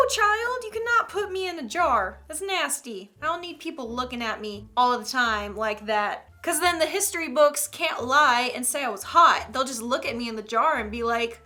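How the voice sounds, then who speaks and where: Young female host, casual commentary, high bright voice, laughs a lot. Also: moderate pace. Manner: animated, joking, laughs often. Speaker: channel host. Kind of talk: casual commentary reading stories.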